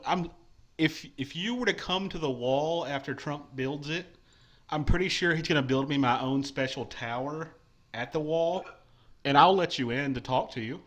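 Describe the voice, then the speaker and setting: A man's voice: on the high side, a bit bright. A man hosting a live call-in stream, brash and profane, taking callers with mock-patriotic banter. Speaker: call-in show host.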